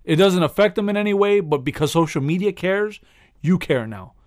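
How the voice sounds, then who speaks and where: A man's voice: high voice, lively intonation, fairly quick, darkish tone, dry recording. Male podcast co-host, loose profane chat, frequent laughs, dry mic. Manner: rambling, profane, laughs often. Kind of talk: casual chat.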